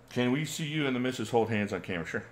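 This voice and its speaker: A chatty channel host in his forties reads out viewer questions during a relaxed livestream Q&A, frequently chuckling. He speaks at a medium pitch over a little hiss or hum.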